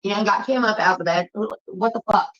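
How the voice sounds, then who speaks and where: A woman's voice: medium pitch, quick pace, a bit bright, lo-fi sound. A woman livestreamer ranting angrily at her chat, swearing often and scolding her viewers. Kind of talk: heated livestream rant.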